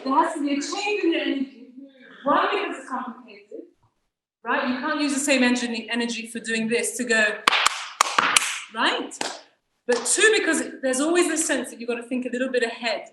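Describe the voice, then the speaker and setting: A woman's voice: high-pitched, expressive, fairly quick. A woman teaching a flamenco dance workshop, energetically counting the rhythm aloud in syllables. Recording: echoey room, distant mic, loud noise.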